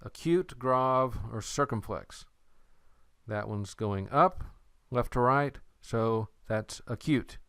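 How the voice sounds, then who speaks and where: A man lectures in a slow, unhurried way, his voice smooth and resonant. He explains patiently and slips in playful memory tricks, recorded close and dry with no room sound. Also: medium pitch, a bit bright, no echo. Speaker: Greek teacher.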